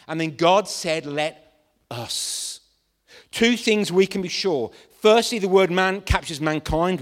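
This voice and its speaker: A man preaching a lively sermon to a congregation, animated and playful, acting out scenes as he goes. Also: a little high, in a large hall.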